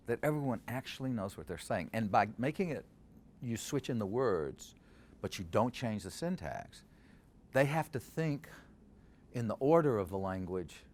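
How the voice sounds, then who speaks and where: An older man, a scholar and theater director, answering interview questions and reciting verse lines to show how they are stressed. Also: lowish voice. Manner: animated, quotes verse aloud to show stresses.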